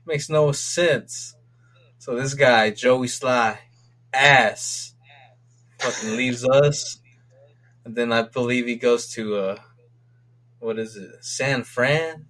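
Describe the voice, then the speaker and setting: A man co-hosting a casual sports podcast, rambling and swearing excitably as he rants about his team's games. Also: mid-range voice, slow, long pauses. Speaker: podcast co-host.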